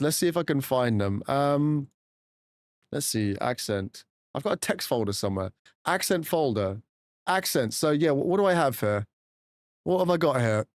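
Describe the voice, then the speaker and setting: A man's voice: fairly high pitch, dry recording, studio quality. Chatty, swearing male game streamer. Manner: chatty and loose, swears freely, answers chat by name. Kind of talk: casual live-stream chat.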